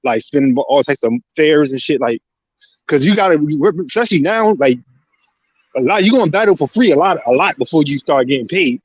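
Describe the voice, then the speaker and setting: A man's voice: on the high side, lively intonation, brisk, no echo, highs cut off. A man in casual podcast chat, talking loose and slangy with lots of profanity.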